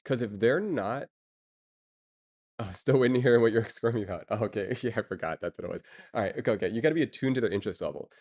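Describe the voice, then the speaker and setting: Man, streamer, casual chat, rambling, lots of fillers, slightly low voice. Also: fast talker, a little mellow. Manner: rambling, filler-heavy, chuckling.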